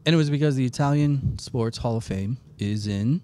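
A man hosting a podcast, chatting casually and telling an animated, swear-laced story. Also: medium pitch, moderate pace. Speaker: podcast host. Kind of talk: casual chat and anecdote.

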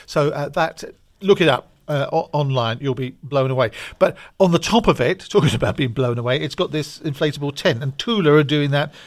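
A man hosting a podcast in a playful, teasing way, often breaking into laughter. His voice sits a little on the high side. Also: fairly quick, few pauses. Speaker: podcast host. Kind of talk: casual chat.

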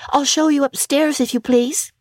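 Woman voicing a young housemaid, high and soft, deferential, dry close sound. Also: fairly even intonation, normal speed, no echo, natural voice. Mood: polite. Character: young female housemaid, polite and timid.

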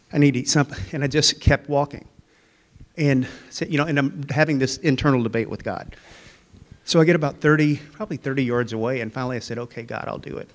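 A man in his fifties telling an earnest personal faith story as a guest in a church interview. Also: mid-range voice. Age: 50s.

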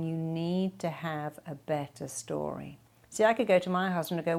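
A woman's voice: low voice, moderate pace, creaky, a little mellow. Direct, coaching woman podcast host. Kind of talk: advice podcast answering listener questions.

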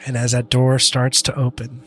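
A man serving as game master, telling the scene in a relaxed, loose way with plenty of fillers. His voice sits at a middling pitch. Faint music plays beneath the narration. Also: normal speed. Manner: casual, laughing often, loose storytelling.

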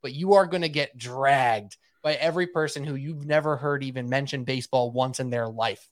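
A man co-hosting a casual sports podcast, talking in an animated, emphatic way and often repeating himself. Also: medium pitch, moderate pace, no room sound, clean studio sound. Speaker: podcast co-host.

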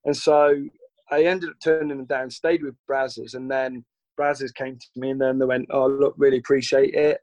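The recording is muffled and has no room sound; the British man's voice is medium in pitch and darkish, with little pitch movement and a normal speed. As a guest in a casual conversation, he tells long, rambling stories and acts out other people's lines.

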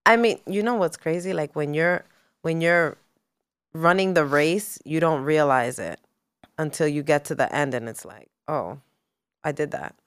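A woman podcast guest and salon owner, talking in an easygoing way that gets animated when she tells a story. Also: low voice, moderate pace, clean tone, dry recording, studio quality. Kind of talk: casual chat.

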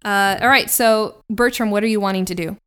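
A woman's voice: medium pitch, steady tone, a little fast, a bit bright, smooth. A woman running a tabletop game as game master, playful and laughing often.

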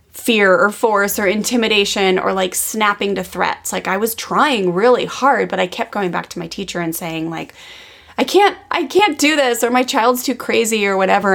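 A woman's voice: fairly low pitch, creaky, a bit bright. A woman in her thirties, a podcast host, telling a personal parenting story in a candid, casual way with many fillers.

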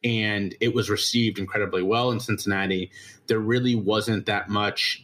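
Low-voiced man from Ohio, blunt. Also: fairly even intonation, moderate pace, fairly bright tone. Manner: frank and blunt, repeats words as he restarts, wry. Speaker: guest. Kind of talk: casual interview chat.

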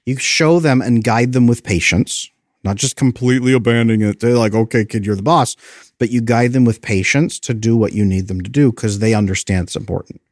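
A man in his thirties giving earnest parenting advice, explaining his points and repeating them for emphasis, his voice jumping up when he gets animated. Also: medium pitch, brisk, no room sound, studio quality. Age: 30s.

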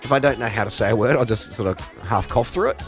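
A man hosting a radio show, joking around in casual banter with quick asides. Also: mid-range voice, expressive, over music. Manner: jokey, playful, quick asides. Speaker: radio host.

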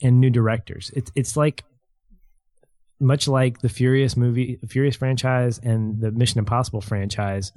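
A man's voice: medium pitch, steady tone, moderate pace, darkish tone, no echo. A man chatting as a guest on a film podcast, rambling with restarts and easy laughs. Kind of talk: casual film podcast chat.

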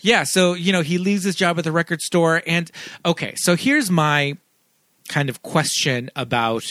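A man co-hosting a casual movie podcast, unhurried and chatty, laughing often. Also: a little high, a bit bright, no room sound, clean studio sound. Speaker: podcast co-host. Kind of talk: casual chat about a movie.

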